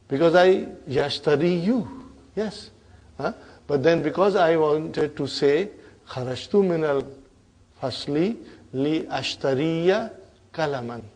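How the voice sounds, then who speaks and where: A middle-aged man teaching an Arabic grammar class, drilling forms and often checking whether the students follow. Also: on the high side. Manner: prompting students with "huh?".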